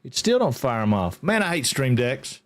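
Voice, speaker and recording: This is a middle-aged man hosting a relaxed game livestream. He rambles in an easygoing way. He greets his viewers by name as he chats. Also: medium pitch, moderate pace. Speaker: game streamer. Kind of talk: casual livestream chat.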